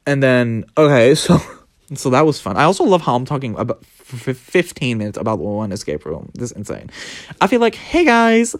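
Young adult, podcast host, casual storytelling, animated, swearing, laughing, very lively pitch, middling pitch. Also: a little fast, no room sound, clean studio sound.

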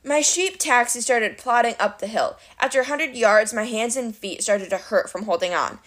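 A woman reading a novel aloud in storybook narration, with an animated, wry delivery. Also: fairly high pitch, moderate pace. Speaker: reader of a novel.

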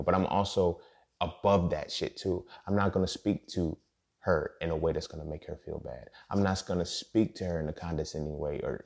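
Low gravelly dude ranting on his podcast, blunt and cussing, repeats himself a lot. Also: darkish tone. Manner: blunt, profane, rambling with repeated words. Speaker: podcast host. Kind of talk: casual monologue.

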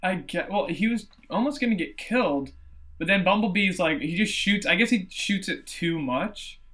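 Male podcast co-host, high-pitched, ranting and profane, casual review chat. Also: lively intonation, normal speed, fairly bright tone. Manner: ranting, swears often.

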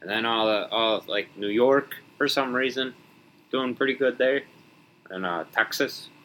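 A man's voice: medium pitch, a little slow, a bit bright, rough recording. Rambling, joking young man ranting. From Wisconsin. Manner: rambling, joking, mock-indignant. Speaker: podcast host. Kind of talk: solo podcast rant.

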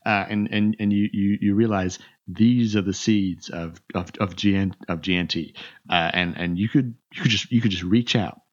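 Man game master, low voice, halting narration, muffled lo-fi sound. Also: fairly even intonation. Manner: halting, many restarts and fillers. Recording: muffled lo-fi recording.

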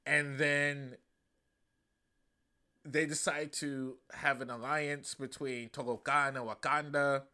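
A man hosting a podcast, reviewing a movie in a loose, profane, animated way. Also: mid-range voice, slow, clear, resonant tone. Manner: loose, profane and animated, acting out quoted lines. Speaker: podcast host. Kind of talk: casual comedic movie review.

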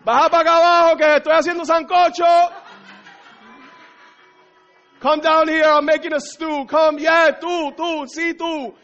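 A high, shouting spider with a Spanish accent calls and coaxes in singsong bursts, as a man puts it on mid-sermon. The recording is dull and lo-fi. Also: flat delivery, moderate pace, long pauses, soft background music. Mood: coaxing. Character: loud Spanish-speaking spider luring prey.

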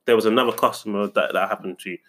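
Fast-talking young man telling an indignant story. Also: fairly low pitch, steady tone, crowd noise. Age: young adult. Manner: rambling, indignant storytelling with many restarts. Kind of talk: casual chat.

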